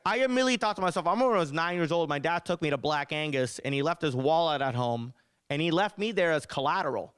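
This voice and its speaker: Brief: thirties male comic, lively storytelling, bright clear voice, dry close sound. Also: on the high side, dry recording. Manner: animated, exaggerated storytelling. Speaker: comedian and event host. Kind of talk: stand-up comedy set.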